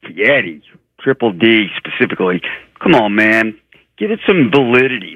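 Male caller, exasperated and blunt, bright voice, dry close sound. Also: fairly low pitch, very animated, moderate pace, slightly rough, no echo, low-quality recording. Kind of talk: phone-in rant.

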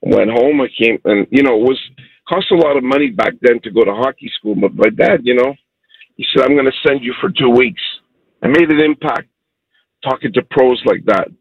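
A middle-aged man phones in to a radio show with a gravelly, husky voice. He tells a heartfelt story with animated energy. The dull, dry line flattens his sound. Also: medium pitch, brisk, dry recording. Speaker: caller.

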